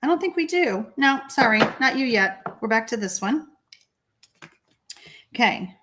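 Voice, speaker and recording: A woman with a Texan accent teaching a live card-making tutorial, chatty and excitable, reading out viewer comments as she stamps. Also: a little high, measured pace, noisy background.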